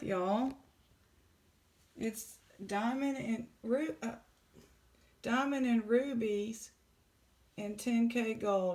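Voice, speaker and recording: A woman, casually chatting in a jewelry vlog, excited and exclaiming in shock. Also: fairly high pitch, very slow, long pauses. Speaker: jewelry unboxing vlogger.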